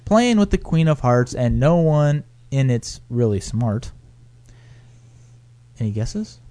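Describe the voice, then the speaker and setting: A man runs a casual podcast, teasing his co-hosts and putting questions to them. His voice sits in a middle pitch and rises and falls freely. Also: very animated, slow, warm tone, no echo. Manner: teasing, quizzes the others. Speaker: podcast host.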